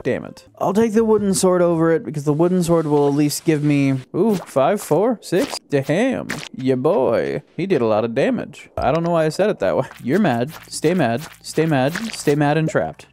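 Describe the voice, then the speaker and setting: A young man casually commenting on his own gameplay, excitable and chatty, talking to himself and to the game. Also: on the high side. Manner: excitable, talks to himself and the game, yelps at surprises. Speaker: gaming YouTuber. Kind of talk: casual let's-play commentary.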